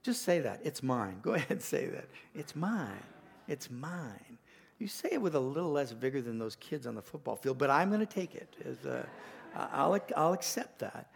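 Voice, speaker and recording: An older man, a pastor, preaching a sermon with folksy stories, rising louder and higher to stress his points. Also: vocal fry. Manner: animated, rising in pitch and volume to stress points; folksy storytelling with restarts.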